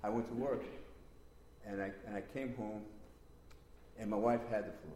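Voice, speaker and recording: A man with a lowish voice tells a church testimony in a loose, rambling way, circling back over the same phrases and now and then leaping into excited outbursts. The sound is roomy and echoey, with a faint hum of the space around him. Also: moderate pace. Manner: rambling and repetitive, with sudden excited bursts. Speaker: church member giving testimony. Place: church meeting room. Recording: roomy echo.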